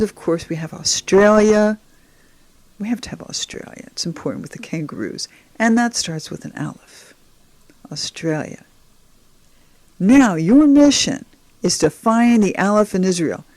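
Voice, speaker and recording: With a mid-range, darkish voice and no room sound, a woman teaches Hebrew to beginners over slides. Her narration is slow and patient, aimed right at the viewer in an encouraging way.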